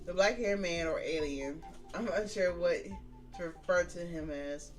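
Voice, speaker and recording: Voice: mid-range voice, unhurried, recorded from a distance, music in the background. A streamer reading a story game aloud, breaking off into casual, profane, joking reactions. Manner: casual, profane, joking asides between read lines. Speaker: gaming streamer.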